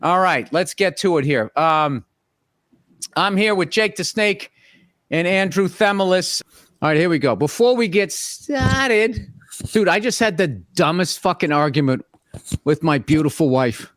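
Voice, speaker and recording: A middle-aged podcast host tells an exasperated, profane comic story about his wife in a comedic storytelling rant. His voice is high-pitched and fairly bright, animated, and a little slow.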